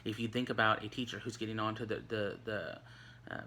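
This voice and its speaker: A man teaches a recorded lesson in a bright, ringing voice. He speaks casually, with plenty of "um"s and restarts, like he is chatting with students. A faint ambient noise sits under the recording. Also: lowish voice, steady tone, a little fast. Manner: conversational, many fillers and restarts. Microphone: recorded for an online video.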